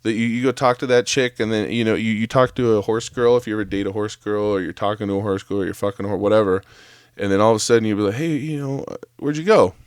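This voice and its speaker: A man's voice: lowish voice, flat delivery, fast, clean tone, no echo, clean studio sound. A man ranting casually on a solo podcast, profane and rambling, full of fillers and restarts. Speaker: podcast host; former chef.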